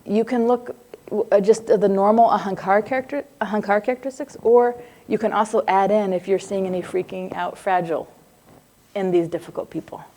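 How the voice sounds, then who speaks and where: A woman's voice: medium pitch, fairly even intonation, fairly quick, mellow. A middle-aged woman lecturing a live class on psychology in a loose, conversational way, often breaking off to check in with students. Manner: conversational, digressive, laughs easily.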